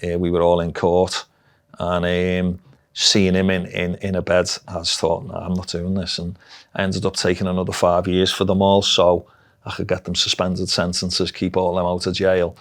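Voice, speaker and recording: A middle-aged man from Liverpool, England, with a Scouse accent recounts his life story in an interview, bluntly, frankly and heavy on dialect. His voice sits low and monotone at a moderate pace.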